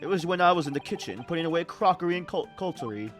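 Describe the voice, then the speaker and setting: A man's voice: on the high side, animated, rapid-fire, fairly bright tone, soft background music, voice pushed up. A man doing a prim British head waiter. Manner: stiff, formal butler-like diction.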